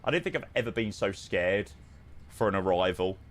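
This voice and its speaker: Flying a flight simulator on his live stream, a man with a low, expressive voice talks at a moderate pace. He answers viewers casually, peppering his replies with ums and a friendly "mate" here and there.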